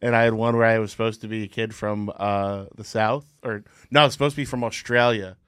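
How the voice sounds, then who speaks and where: A man's voice: lowish voice, fairly quick, clear, resonant tone, dry recording, studio quality. Wry man telling comic stories. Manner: wry storyteller with a lot of restarts and deadpan quotes. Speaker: comedian podcast guest. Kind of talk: casual comedic chat.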